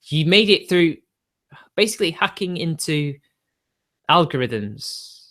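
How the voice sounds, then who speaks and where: A man live-streaming and answering his chat in a rambling way, quickly getting riled and swearing. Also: fairly high pitch, sing-song, fairly bright tone.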